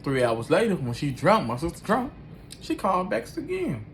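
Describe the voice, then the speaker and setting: A man's voice: sits high, huge pitch swings, moderate pace, slight background noise. A man animatedly telling a personal story in loose, slangy talk, acting out every line of the dialogue himself.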